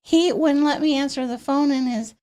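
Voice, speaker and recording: Woman, very high childlike voice, animated storyteller, studio interview guest. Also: moderate pace. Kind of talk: casual interview chat.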